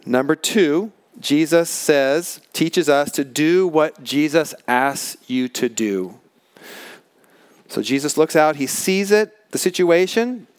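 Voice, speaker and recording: A man preaching a sermon as pastor, earnest and emphatic, slowing down to stress key words. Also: fairly high pitch, animated, clear, resonant tone, no echo. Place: large tent.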